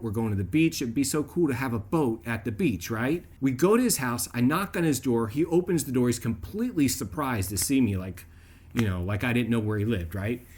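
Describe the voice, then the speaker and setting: A man with a middle-range voice tells a personal story straight to camera, relaxed and chatty. He animates his telling by shifting his voice up and down, and keeps pulling the listener in with a quick "right?" before drifting into a gentle, reflective faith message. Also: medium pitch, slightly rough. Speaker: video host.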